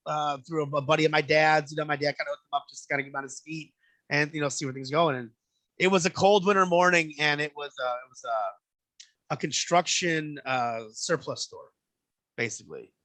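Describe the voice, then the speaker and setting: Animated man telling stories, bright dry voice. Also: fairly high pitch, a little fast, no room sound. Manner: animated storyteller, acts out quoted voices, swears freely. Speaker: podcast guest. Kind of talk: casual storytelling chat.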